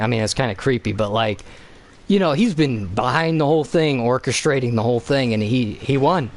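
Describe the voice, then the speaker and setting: A man's voice: mid-range voice, lively intonation, brisk. A man streaming a video game, rambling in casual chat with heavy swearing and lots of fillers.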